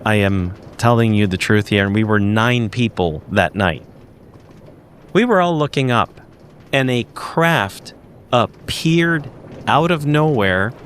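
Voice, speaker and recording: A man's voice: mid-range voice, a bit bright. A man, a podcast guest and investigator, recounting a strange sighting in an emphatic way, often restarting and searching for words.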